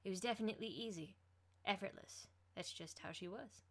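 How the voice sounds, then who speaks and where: A woman reading a fan fiction story aloud, expressive as she voices each character. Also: mid-range voice, a little fast.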